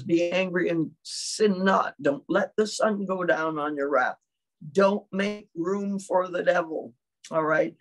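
An older woman delivers a sermon at an unhurried pace. She speaks in measured phrases and keeps checking in with her listeners. She clears her throat now and then. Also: lowish voice. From China. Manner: measured, often checks in with "all right?". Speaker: preacher.

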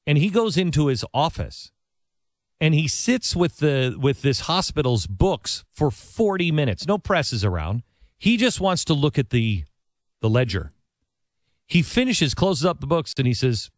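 A man hosting a talk show, telling a story in a conversational monologue with restarts and asides, sometimes dropping his voice low and soft for quoted lines. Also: very animated, moderate pace, no room sound, studio quality.

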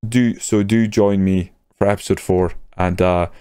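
Low-pitched, clear and resonant, a young man talks a little slowly over his football management game with no room sound. The gaming YouTuber stays casual but gets excited over goals, swearing as they go in.

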